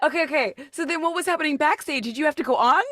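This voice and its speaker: Bright, high-voiced woman podcast host. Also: no room sound, studio quality. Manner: incredulous, teasing, quick reactions. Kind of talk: casual interview chat.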